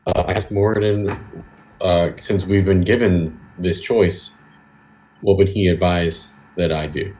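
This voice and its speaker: A man playing in a tabletop game, speaking in a thoughtful, measured way. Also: sits low, fairly even intonation, darkish tone, low-quality recording. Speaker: player. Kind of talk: casual tabletop game chat.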